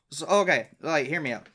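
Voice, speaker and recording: A man's voice: a little high, sharp tone, a little hiss or hum. A young man hosting his own podcast, telling a personal story in a casual, profane, exasperated way, with frequent laughs between lines. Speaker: podcast host.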